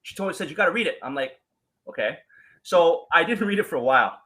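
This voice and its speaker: A man telling his story as a guest in a casual talk, animated, acting out quoted voices and using many fillers. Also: a little high, fast talker, poor audio.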